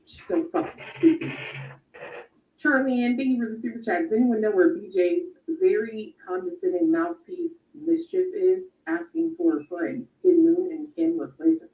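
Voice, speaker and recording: A woman's voice: fairly high pitch, expressive, normal speed, vocal fry. A woman co-hosting a casual stream and reading super chats, blunt, mocking and profane. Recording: roomy, dull lo-fi audio.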